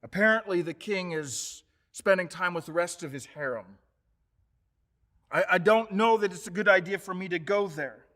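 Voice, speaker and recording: A male pastor preaching a sermon, retelling scripture as lively storytelling, rising to loud emphasis and dropping low and quiet. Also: moderate pace. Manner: animated storytelling, paraphrases scripture in modern speech.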